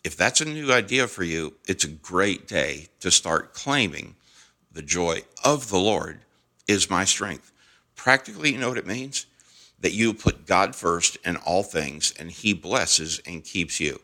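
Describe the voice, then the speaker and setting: A man's voice: deep voice, very animated, a little slow, sharp tone. A man hosting a daily devotional podcast, giving an earnest, encouraging short sermon and repeating phrases with shifting emphasis.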